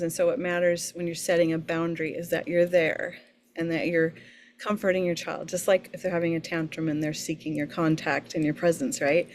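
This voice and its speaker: A woman's voice: fairly low pitch, a little mellow. A woman sleep coach as a podcast guest, speaking earnestly and emphatically, often repeating words as she thinks. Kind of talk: podcast interview.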